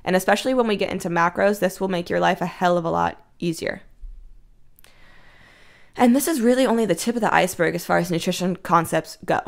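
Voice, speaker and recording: A young woman hosting a casual solo fitness podcast, blunt and breezy, swearing freely. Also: lowish voice. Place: Washington.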